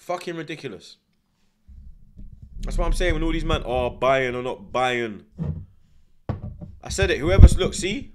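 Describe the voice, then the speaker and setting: A man hosting a football watchalong, ranting with heavy swearing and street slang. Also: medium pitch. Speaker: host.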